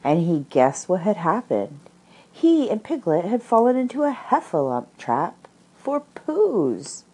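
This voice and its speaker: A woman reading a classic children's story aloud and commenting on it, in an expressive, measured manner. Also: fairly low pitch, slightly rough, poor audio.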